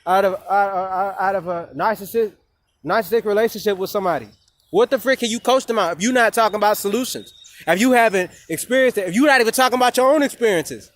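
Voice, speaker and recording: A man's voice: sits high, fast talker. A young man ranting heatedly and profanely outdoors in a vlog, repeating himself as he vents. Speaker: vlogger and coach.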